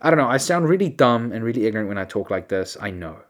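Male solo podcaster, lively swooping pitch, rambling incredulous rants, self-deprecating. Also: fast talker. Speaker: podcast host.

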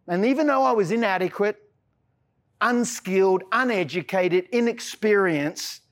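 A middle-aged Australian pastor preaching with a notably high voice for a man. He talks earnestly and down to earth. He pokes fun at himself now and then, in a relaxed, joking tone. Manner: earnest, self-deprecating preaching with a casual, joking streak. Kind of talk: sermon.

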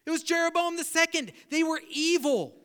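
Man, very high voice, bright, sermon, animated, questions the congregation, long hall reverb. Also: moderate pace. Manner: animated, asks the audience questions. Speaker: preacher.

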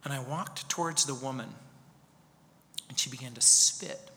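A pastor in his fifties preaching a sermon, telling a story dramatically and dropping from loud to hushed. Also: mid-range voice, unhurried, vocal fry, slight background noise. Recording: reverberant hall.

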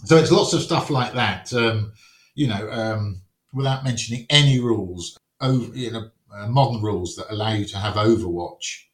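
A man's voice: lowish voice, moderate pace. Wry man in an echoey room. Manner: wry and anecdotal, acts out quotes. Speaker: wargames rules writer, podcast guest. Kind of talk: casual podcast conversation. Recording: roomy echo.

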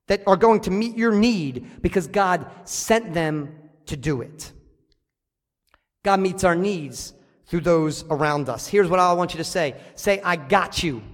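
A pastor preaches a sermon, driving his points home and slowing to repeat the key lines. His voice is high for a man, and long hall reverb from the church sanctuary surrounds it.

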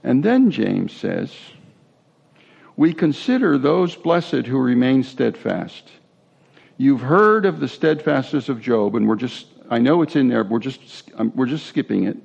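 A male pastor preaches in a relaxed, conversational way, with asides and restarts as he goes. His voice has a gravelly creak. The recording sounds dull and lo-fi. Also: mid-range voice, measured pace. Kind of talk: sermon.

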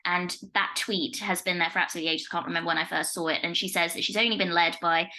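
Chatty young woman co-host, bright and slightly low voice, casual legal podcast talk. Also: steady tone, fast, poor audio. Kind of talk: casual chat.

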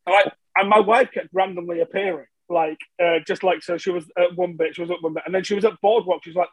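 A man's voice: high voice, fairly even intonation, fast talker, no room sound, muffled recording. A man from England, telling a story as a podcast guest in a casual, self-mocking way. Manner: chatty and self-mocking, with frequent fillers and restarts.

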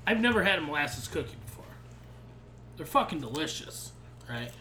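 Thirties male co-host, slightly high and bright, animated storyteller who swears, echoey room. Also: normal speed, a little hiss or hum. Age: 30s. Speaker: podcast co-host. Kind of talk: casual chat. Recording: roomy echo.

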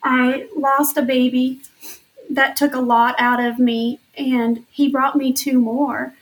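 A woman's voice: high-pitched, little pitch movement, takes it slowly. A woman in her thirties giving an earnest, faith-filled personal testimony in an interview, emotional at times. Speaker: interview guest.

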